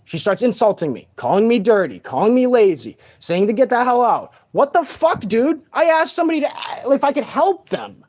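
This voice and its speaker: A man's voice: extremely high pitch, big pitch swings, brisk, darkish tone. A sleep-deprived man in an agitated, profane rant, speaking in a room of a shared home late at night. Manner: agitated, profane, repetitive ranting.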